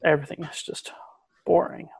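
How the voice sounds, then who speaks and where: A young man from Maine co-hosting a college radio podcast, rambling casually with lots of restarts and hedges. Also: moderate pace. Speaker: podcast co-host. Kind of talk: casual chat.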